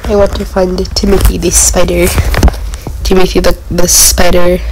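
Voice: medium pitch, flat delivery, normal speed, background noise. A gamer giving nervous horror gameplay commentary, keeps exclaiming in dread, with the mic pressed right up to the mouth.

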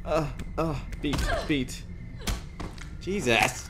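A man recording a jumpy let's-play commentary, his voice rising and falling a lot as he jokes, swears and yelps through a scary game. He talks slowly and is close to a desktop microphone, with faint background noise in the room. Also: on the high side, lively intonation. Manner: jittery, jokey, swears and yelps. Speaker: gaming YouTuber. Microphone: desktop USB microphone.

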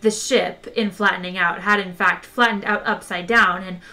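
A woman reading a comic science-fiction novel aloud in a lively, wry way. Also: medium pitch, normal speed, soft background music. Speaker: audiobook reader. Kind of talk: expressive audiobook narration.

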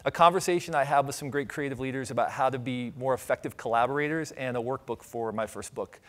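A man's voice: mid-range voice, fast. A middle-aged man from Ohio giving a conference keynote, telling stories with humor and asking the audience questions. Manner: animated storytelling, audience asides, light humor. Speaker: conference speaker. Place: conference stage.

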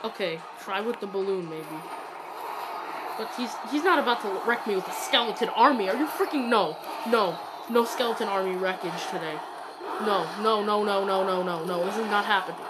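A woman giving excitable, ranting commentary while playing a mobile game, swinging between yelling and muttering. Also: mid-range voice, normal speed, very noisy. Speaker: gaming YouTuber. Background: loud game music.

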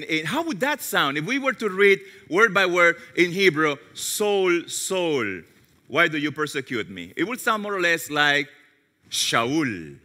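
A male pastor preaching a sermon with animated storytelling and self-mocking humor, sometimes dropping to a hushed low voice. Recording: long reverb of a large hall.

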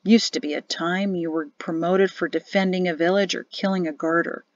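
A woman's voice: lowish voice, fairly even intonation, normal speed, dry recording, dull audio, lightly acted. A woman reading an audiobook, voicing a grumbling middle-aged army officer father with a sulky, sardonic manner.

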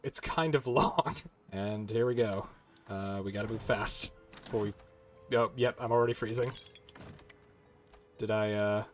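Lower-voiced man chatting through a game. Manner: chatty, swears and laughs while playing. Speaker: gaming channel host. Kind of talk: casual gameplay commentary.

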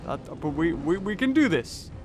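A man's voice: on the high side, very animated, moderate pace, background noise. A young man commentating on a mobile game he is playing, thinking aloud through each move and exclaiming at big hits. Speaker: gaming channel host. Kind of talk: let's play commentary.

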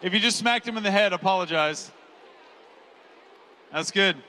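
A man's voice: high voice, quick pace, slight background noise. A man in his forties giving a conference keynote, telling a personal story with jokes and acted-out quotes. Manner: animated, jokey storyteller who acts out quotes. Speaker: keynote speaker. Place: large conference hall. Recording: reverberant hall.

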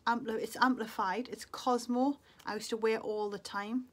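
A woman's voice: on the high side, fairly even intonation, normal speed. A middle-aged woman from England, chatting to camera as a beauty vlogger, muttering to herself in a wistful, casual way. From Northeast England.

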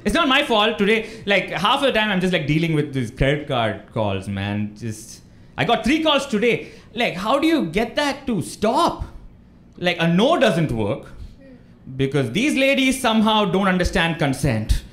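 A young man from India delivers stand-up on a club stage in a high, very animated voice, going a little slowly. He acts out phone calls and laughs through his jokes, with the echoey room ringing with loud audience laughter.

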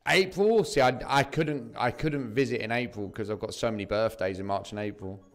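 A man's voice: medium pitch, normal speed, soft background music. A young English man from southeast England, chatting casually with viewers on a slots live stream and calling them mate and bro.

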